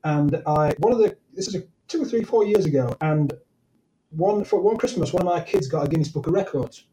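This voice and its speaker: A man's voice: on the high side, a little fast, noisy background. A man from Sheffield in the north of England, a podcast guest chatting casually and telling stories with many restarts. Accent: Sheffield English. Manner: rambling, self-correcting storyteller. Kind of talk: casual interview chat.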